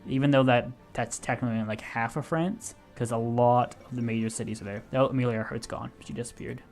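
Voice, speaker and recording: A man's voice: mid-range voice, steady tone, brisk, darkish tone, faint music behind. A young man casually commentating his strategy game, thinking aloud and explaining as he clicks, often correcting himself. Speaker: gaming video host.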